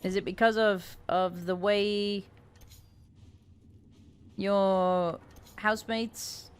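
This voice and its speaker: A woman's voice: mid-range voice, fairly even intonation, drawn-out words, clear, resonant tone. A female streamer giving chatty, casual commentary while playing, reading out viewer names. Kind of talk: casual let's-play commentary.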